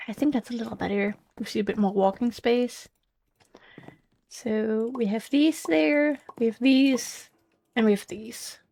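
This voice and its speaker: A woman's voice: on the high side, a little slow, vocal fry, darkish tone, a little hiss or hum. A woman with a slight German accent, thinking aloud as she hosts a casual gameplay commentary, musing and hesitant. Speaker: let's play host.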